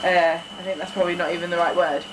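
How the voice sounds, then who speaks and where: A woman's voice: lowish voice, little pitch movement, fast, background noise. A young woman from Cheshire chatting to camera at home, coaxing her baby to chew between asides to viewers. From Cheshire, England. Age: young adult. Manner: chatty, coaxing baby talk while feeding her son. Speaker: family vlogger and mother. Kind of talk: casual vlog chat.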